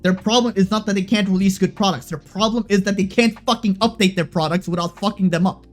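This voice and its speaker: A man's voice: sits high, steady tone, fast, soft background music. A young man streamer ranting casually to his chat, heated and profane, with lots of fillers and restarts.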